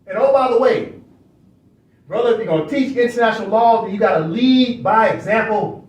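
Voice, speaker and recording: A man with a very high voice hosts a study session and lectures in a casual, preachy way. He keeps circling back with rhetorical questions. He sits well back from the mic in a room that rings with echo. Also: brisk. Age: adult. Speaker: online study session host. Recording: echoey room, far from mic.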